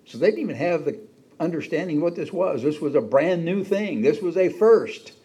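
A man's voice: fairly high pitch, animated, normal speed, mellow, husky. A man preaching a sermon in a conversational way, acting out the quoted lines with a raised voice. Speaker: pastor.

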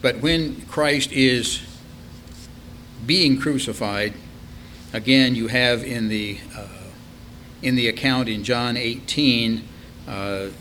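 An older man giving a sermon, reading verses aloud and then pausing to comment on them. His voice sits in an ordinary middle pitch, and his talk wanders with many ums. A faint hum runs behind him. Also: pushed and bright. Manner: reads scripture aloud, then explains it in a measured, rambling way with many fillers. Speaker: preacher. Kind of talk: Bible study sermon.

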